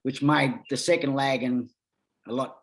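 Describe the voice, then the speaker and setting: An Australian man of middling pitch, telling his stories in a casual, rambling way. He talks bluntly and swears without a second thought. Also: fairly even intonation, moderate pace. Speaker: podcast guest. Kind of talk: casual storytelling.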